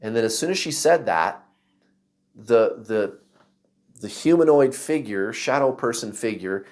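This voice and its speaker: Animated man telling a story. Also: mid-range voice, unhurried. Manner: animated, acts out voices and shouts while telling a story. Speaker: vlogger. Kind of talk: casual storytelling.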